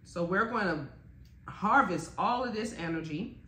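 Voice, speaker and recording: A woman giving a blunt, profane, animated motivational talk as a spiritual teacher. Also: medium pitch, measured pace. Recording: echoey room.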